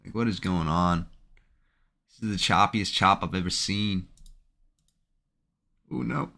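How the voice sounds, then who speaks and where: Anxious low-voiced man narrating trades. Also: a little slow, gravelly, pushed and bright. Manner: anxious, emotional self-talk. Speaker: day trader streaming his trading. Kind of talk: live trading commentary.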